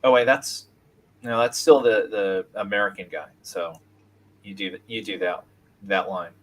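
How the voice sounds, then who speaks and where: Lower-voiced man in a casual comic chat. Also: moderate pace, slightly rough. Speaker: co-host.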